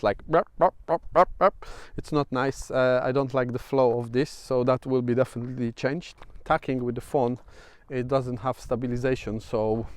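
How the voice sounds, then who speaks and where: A man's voice: medium pitch, smooth, dry recording. A man with a Polish accent talking through a casual vlog, hesitant, with many fillers and restarts. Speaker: vlogger. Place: outdoors at sunset.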